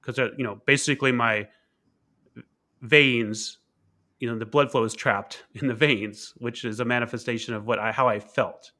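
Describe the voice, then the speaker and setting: A man's voice: medium pitch, fairly even intonation, normal speed, pushed and bright. A man, a keynote speaker and author, telling a personal story in an interview in a candid, reflective way, often repeating words and using fillers.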